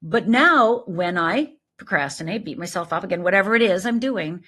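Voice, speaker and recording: A middle-aged woman, a life coach, talking in an animated, emphatic way as an interview guest. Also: lowish voice, moderate pace. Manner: animated, emphatic, lively storytelling with quoted voices. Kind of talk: conversational interview.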